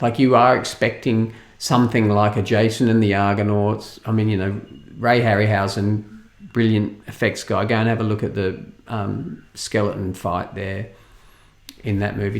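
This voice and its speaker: A man's voice: lowish voice, vocal fry. Ranting Australian man reviewing a film. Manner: ranting, incredulous, with scoffing laughs. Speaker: movie reviewer. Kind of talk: opinionated film review monologue.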